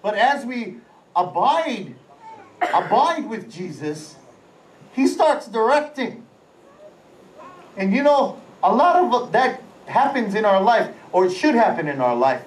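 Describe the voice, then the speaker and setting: A man, senior pastor, preaching a lively, animated live sermon. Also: high voice, takes it slowly, pauses often, distant mic. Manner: lively, animated, with sound-effect words. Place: large auditorium during a church service. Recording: echoey hall, voice away from the mic, faint ambience.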